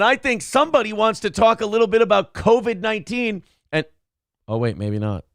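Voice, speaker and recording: A male host of a casual talk show, loud and sardonic, whose shouting is his regular way of talking. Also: high voice, expressive, a little fast, dry recording, clean studio sound.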